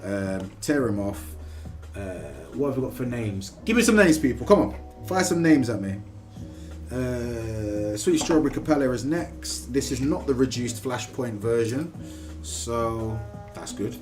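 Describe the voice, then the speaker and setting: A man chatting casually and excitably on a live stream from his kitchen, swearing freely as he talks. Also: mid-range voice, measured pace, over music. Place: home kitchen.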